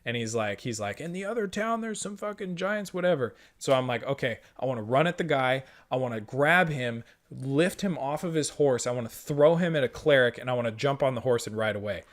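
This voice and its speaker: A man's voice: medium pitch, a little fast, few pauses. A young man with an ordinary mid-range voice tells a tabletop game story among friends. He swears often and acts out each exchange with the game master. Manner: profane, animated retelling with quoted dialogue. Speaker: podcast host.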